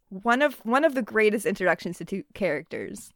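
A woman's voice: mid-range voice, dry recording. Woman recapping a book, dry close sound. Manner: animated retelling with quick quoted asides. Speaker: podcast co-host. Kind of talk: casual book discussion.

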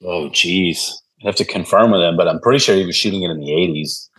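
Talking fast in a low voice, a podcast guest tells stories during a casual conversation. He's animated and voices the people he quotes himself.

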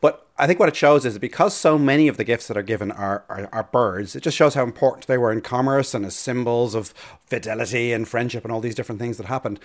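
Fast-talking Irish man explaining birds. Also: medium pitch. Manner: fast, eager, with many restarts and repeated words. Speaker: bird expert guest. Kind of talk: casual radio chat.

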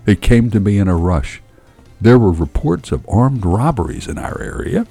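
Lively low-voiced man telling a story. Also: normal speed, husky, soft background music. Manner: animated, profane, dramatic storytelling. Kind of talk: first-person story narration.

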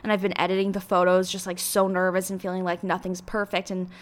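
A woman's voice: lowish voice, monotone, fast talker. Rambling, emotional young woman podcaster. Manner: rambling and emotional, full of "like" fillers. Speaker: podcast host. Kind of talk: casual solo podcast monologue.

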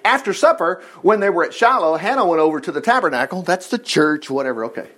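A man's voice: sits high, animated, fast, fairly bright tone. A man retelling a Bible story in a folksy sermon, breaking off for jokey asides and acting out the characters. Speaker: preacher teaching a Bible lesson.

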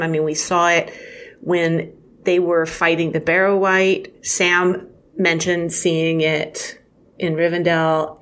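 A woman co-hosting a casual book discussion, speaking slowly and unhurriedly. She is enthusiastic and reflective as she talks. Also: on the low side. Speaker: podcast co-host.

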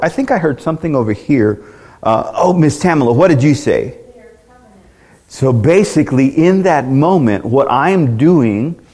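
A man's voice: mid-range voice, darkish tone. A man pastor teaching a church class in an earnest, conversational way, asking the group questions and often restarting his words.

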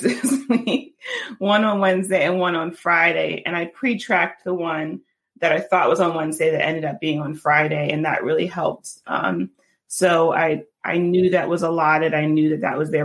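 A woman chatting casually on a group podcast, rambling a little with restarts. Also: on the low side.

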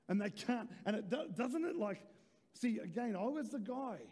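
High-voiced pastor preaching in a reverberant hall. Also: male voice. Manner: rising to shouted emphasis, cheeky asides. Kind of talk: sermon. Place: large church hall.

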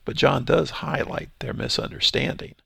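A man reading Bible verses aloud and explaining them in a relaxed, thinking-aloud teaching style. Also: mid-range voice, normal speed, vocal fry, breathy edge, no room sound, clean studio sound. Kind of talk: Bible study commentary.

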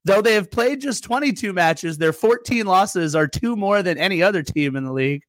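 A man's voice: high-pitched, lively intonation, moderate pace, a bit bright, no echo. A man co-hosting a casual soccer podcast, teasing his co-host and reading sponsor plugs. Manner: playful ribbing, reads sponsor plugs. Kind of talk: casual chat.

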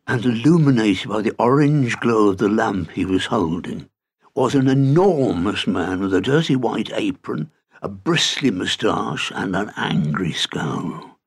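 Gravelly, husky male storyteller. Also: on the low side, measured pace. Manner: expressive, animated. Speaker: narrator. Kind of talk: storybook narration.

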